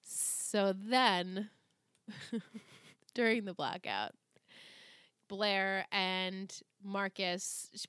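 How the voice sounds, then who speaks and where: A woman in her thirties co-hosting a podcast, recapping a TV episode in casual chat and acting out the characters' lines with animated delivery. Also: mid-range voice, no room sound, studio quality. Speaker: podcast co-host.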